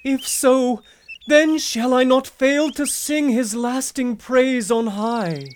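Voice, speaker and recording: Actor doing a burdened pilgrim guy in a radio play, earnest and humble, talks real slow in old timey english, slight hiss. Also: high voice, steady tone. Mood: pleading. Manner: earnest, pleading, old-fashioned formal speech. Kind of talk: radio drama acting in archaic English.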